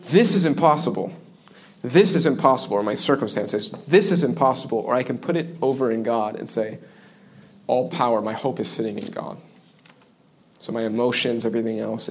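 A man preaching a sermon in an earnest, conversational way, often checking in with the listeners and dropping into quiet asides between louder points. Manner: shifts between loud emphasis and quiet, low asides. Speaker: pastor.

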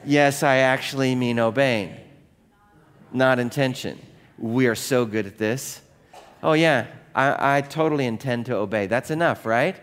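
A middle-aged man preaches from a church stage, talking to the congregation as if chatting with them. His voice sits at an ordinary pitch for a man. He keeps asking the room questions and acts out the voices in his stories. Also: unhurried, fairly bright tone. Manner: conversational, asks the congregation questions, acts out quoted voices in anecdotes. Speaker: pastor. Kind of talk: sermon.

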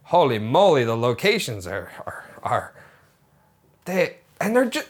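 A woman's voice: rumbling low, a little slow, breathy edge. A woman chatting casually while watching a film, reacting with disbelief and frequent laughter. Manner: animated, laughing, incredulous. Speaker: movie watch-along commentator.

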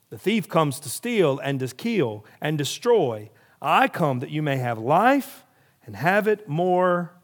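A man preaching a sermon, building emphasis through repeated phrases and rhetorical questions. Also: high voice. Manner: preaching with rising emphasis and repetition. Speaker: pastor.

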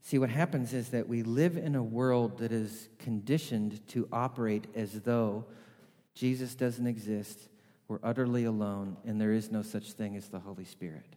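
A man's voice: lowish voice, steady tone, moderate pace, dark tone. Man preaching in an echoey hall. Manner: conversational storytelling. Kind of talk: sermon.

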